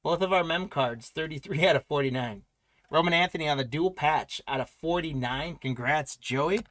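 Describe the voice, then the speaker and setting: A man's voice: a little high, moderate pace, a bit bright, no echo. Upbeat man hosting a card break. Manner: upbeat, chatty, congratulates buyers by name. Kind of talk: live card break commentary.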